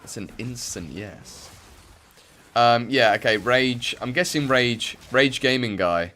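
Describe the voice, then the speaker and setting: A man's voice: mid-range voice, takes it slowly, sharp tone. A young English man from the Midlands chatting casually and rambling with many fillers while he plays a game on stream. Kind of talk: casual chat while playing.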